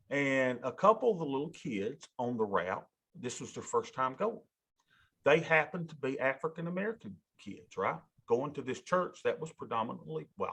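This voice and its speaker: Gravelly man, folksy and emotional. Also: mid-range voice, fairly bright tone. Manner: folksy, emotional, talks to listeners as y'all. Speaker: financial advisor giving a talk. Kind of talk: casual rambling monologue.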